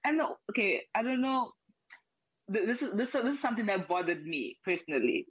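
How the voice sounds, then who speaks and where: A woman's voice: mid-range voice, sing-song, a little fast, muffled recording. A woman chatting casually about a TV show, rambling with lots of "like" and restarts. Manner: rambling, many "like" fillers and restarts. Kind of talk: casual chat.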